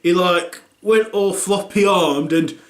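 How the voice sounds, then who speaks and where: Brief: male comic as a rambling, foul-mouthed dad, slightly high voice, roomy sound. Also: slow. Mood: gossiping. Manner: rambling, crude, full of fillers and restarts. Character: blunt, crude northern English dad, thirties. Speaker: comedy character. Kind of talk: scripted comic monologue.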